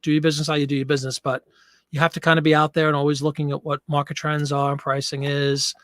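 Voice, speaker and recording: A man's voice: a little high, flat delivery, quick pace, fairly bright tone, dry recording. Man, live stream host, casual chat, a little out of breath, dry close sound. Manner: chatty, reads viewer comments. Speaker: livestream host.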